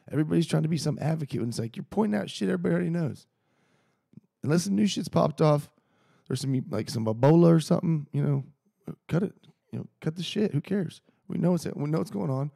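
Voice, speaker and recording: Swearing nonstop, this man rambles heatedly through his solo podcast. His voice sits on the high side, gravelly with a dark, husky edge, and it comes across animated and fast, close and dry on the mic with no echo.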